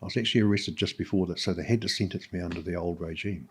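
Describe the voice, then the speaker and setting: A middle-aged New Zealand man speaks in a low, husky voice. He tells his own story candidly and haltingly, with many "um"s and restarts along the way. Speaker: podcast guest.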